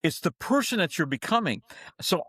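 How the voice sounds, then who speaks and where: A man's voice: sits high, big pitch swings, moderate pace, fairly bright tone, breathy edge, dry recording. A man who coaches and speaks to dentists, telling stories in a podcast interview with an emphatic, preacher-like cadence and acting out the voices of the people in his stories.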